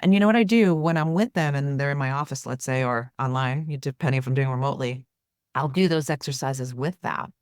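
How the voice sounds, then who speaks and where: A woman's voice: extremely low pitch, fast talker, no echo, clean studio sound. A woman therapist speaking as a guest in an interview, explaining earnestly and often checking in with "right?". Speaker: therapist and author, podcast guest. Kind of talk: conversational interview.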